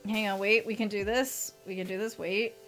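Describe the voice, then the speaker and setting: A woman's voice: mid-range voice, steady tone, normal speed, soft background music. Streamer woman reading and chatting. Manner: reads journal entries in a subdued voice, turns bright and chatty with viewers. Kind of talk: reading a visual novel aloud and chatting with a live stream.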